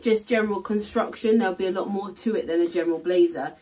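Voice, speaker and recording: A woman's voice: mid-range voice, fast talker, mellow. A woman co-hosting a resale vlog who talks casually and rambles, with many fillers and restarts. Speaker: co-host, luxury reseller. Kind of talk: casual chat, showing thrift finds.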